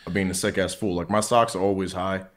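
A young man with a fairly low voice talks loosely on a call, packing his sentences with "like" and "bro". His speech comes through a phone. He sounds casual and unhurried. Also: fairly even intonation. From New York. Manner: rambling, lots of "like" and "bro". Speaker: caller. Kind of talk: casual chat.

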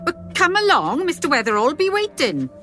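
A woman's voice: high voice, huge pitch swings, normal speed, over music. A woman doing a cold, stern farmer's wife. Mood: curt. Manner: curt, unfriendly. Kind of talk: storybook voice acting.

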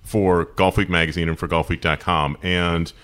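A man's voice: sits low, flat delivery, normal speed, fairly bright tone. A man hosting a golf podcast, upbeat and self-mocking as he chats with a colleague. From United States. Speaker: podcast host. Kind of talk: casual interview chat.

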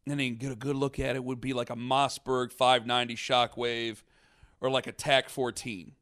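A man casually telling a long story on a podcast, rambling and animated, with many restarts. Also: medium pitch, normal speed. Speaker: podcast host.

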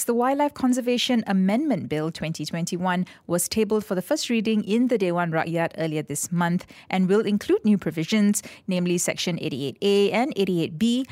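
A woman hosting a radio interview, steering her guests with brisk guiding questions. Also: mid-range voice, a little mellow, no room sound. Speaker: radio host. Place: radio studio.

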